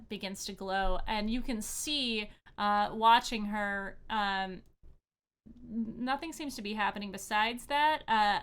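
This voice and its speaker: A woman acting as game master, narrating a tabletop game with many pauses and fillers. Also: medium pitch, a bit bright, clear, resonant tone. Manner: hesitant, many fillers and restarts.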